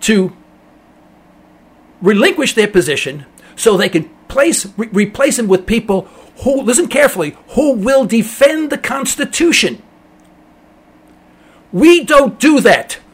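A man's voice: very high voice, sing-song, normal speed, slightly rough. A middle-aged man hosting a talk radio show, ranting emphatically in a rambling monologue and mocking callers in a dopey voice.

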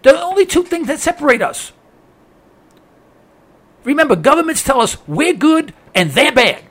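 A man's voice: very high voice, big pitch swings, normal speed, fairly bright tone. A man hosting a political talk radio show, speaking with impassioned emphasis and often restarting his phrases as he presses a point.

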